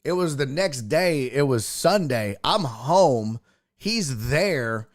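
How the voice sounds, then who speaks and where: A man's voice: medium pitch, expressive, slow, no echo, clean studio sound. A man hosting a casual sports and entertainment livestream, telling jokey stories and reading viewer chat aloud. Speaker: sports and entertainment show host.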